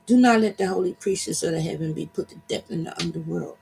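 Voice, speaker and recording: An imploring goddess begs in an earnest, raised voice, read by a man. The pitch sits high. It is a plain reading with no character voice. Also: quick pace, creaky, a little mellow, slight background noise, poor audio. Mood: pleading. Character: goddess pleading with her father.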